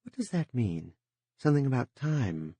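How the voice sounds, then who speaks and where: A man's voice: mid-range voice, sing-song, moderate pace, warm tone, breathy edge, no echo, voice pushed up. A male narrator voicing a young woman who speaks in a cool, almost mocking voice.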